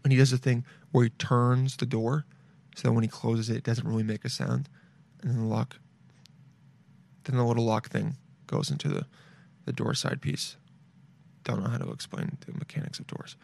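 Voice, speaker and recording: A man's voice: medium pitch, vocal fry. A young man riffing comedically in a crude, rambling way, swearing and drifting into goofy tangents. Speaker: comedic commentator.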